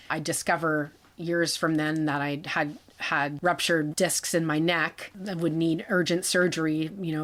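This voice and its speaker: Woman in her 40s, lowish voice, halting personal story w/ restarts and little laughs. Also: a bit bright. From Canada. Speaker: guest telling her story.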